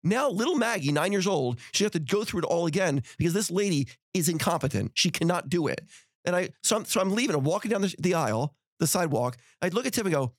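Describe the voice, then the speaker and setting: A man's voice: sits high, expressive, fast, no room sound, clean studio sound. A middle-aged man hosting a podcast, telling a story in casual conversation and acting out heated quotes. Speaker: podcast host.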